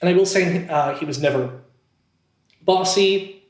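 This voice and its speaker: A man's voice: high voice, measured pace. A man from Pennsylvania, a podcast guest and actor, telling a story casually with lots of fillers and self-deprecating asides. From Scranton, Pennsylvania, USA. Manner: chatty and self-deprecating, many fillers and restarts. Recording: roomy, echoey sound.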